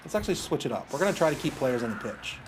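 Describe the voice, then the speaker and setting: A man's voice: fairly high pitch, big pitch swings, rapid-fire, background noise. A man casually commentating his own video game match, taunting his opponent and chatting with viewers. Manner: banters with chat, taunts opponents, laughs.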